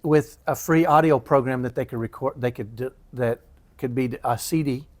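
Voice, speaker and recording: A man co-hosting a podcast, telling a story in casual chat with animated bursts. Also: mid-range voice, normal speed. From Dallas area, Texas. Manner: animated storyteller, mimics fax beeps. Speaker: podcast co-host.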